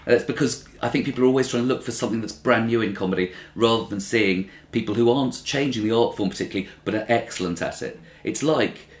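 A British comedian in his thirties answers interview questions in a mid-range voice, talking quickly with hardly any pauses. He rambles and breaks off to act out quoted voices, and the interview recording sounds roomy.

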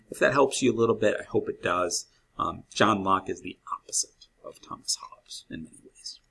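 A man's voice: lowish voice, creaky, a bit bright, husky, poor audio. A man teaching a history lesson in a conversational way, repeating key phrases and asking his students questions. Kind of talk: classroom history lecture.

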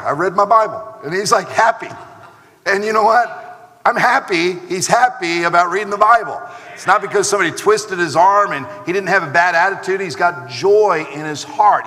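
High bright-voiced man preaching in a hall. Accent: American. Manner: animated preaching with acted asides. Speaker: pastor. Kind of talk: sermon. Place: church sanctuary. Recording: long hall reverb.

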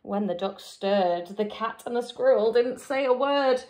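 A teacher reading a picture book aloud to young children, with an expressive, drawn-out delivery. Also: female voice, fairly high pitch. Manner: expressive, drawn-out, lively character voices.

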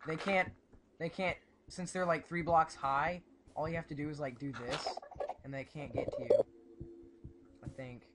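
A man hosting a casual gameplay commentary, excitable and prone to bursts of panicked yelling. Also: fairly high pitch, normal speed, long pauses, background noise. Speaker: gaming channel host.

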